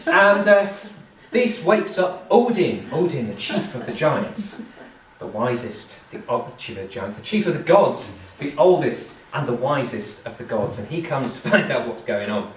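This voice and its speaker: Lively British storyteller, man, expressive rising and falling voice, recorded from afar in an echoey hall with faint ambience. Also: medium pitch, measured pace, a little hiss or hum. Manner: animated, acts out the voices. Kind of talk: live storytelling performance. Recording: echoey live room from far off.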